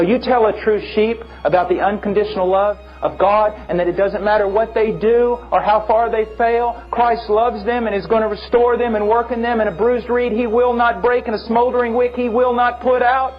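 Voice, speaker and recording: A man preaching a sermon with impassioned, emphatic delivery and big swings in pitch. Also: normal speed, dull audio, faint music behind.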